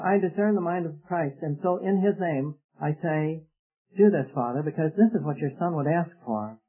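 On an old tape with phone-quality sound, a man with a fairly high voice preaches a sermon. He is earnest and explanatory, posing rhetorical questions as he goes.

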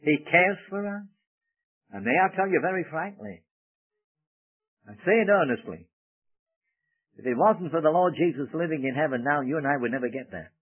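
Male preacher, emphatic and earnest, husky, tinny old radio sound. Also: a little high, lively intonation, moderate pace, long pauses. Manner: earnest, emphatic, swells loud on key phrases then drops soft. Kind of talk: sermon.

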